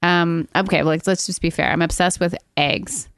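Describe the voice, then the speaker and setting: Female podcast co-host, lively and giggly, slightly low voice, dry close mic. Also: normal speed, dry recording. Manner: animated, laughing, frequent "like". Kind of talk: casual chat.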